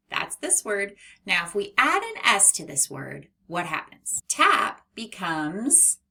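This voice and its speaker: Woman phonics teacher, lively lilting delivery, carefully sounded-out letters. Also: on the low side, vocal fry. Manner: slow, exaggerated sounding-out of letters. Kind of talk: children's phonics lesson.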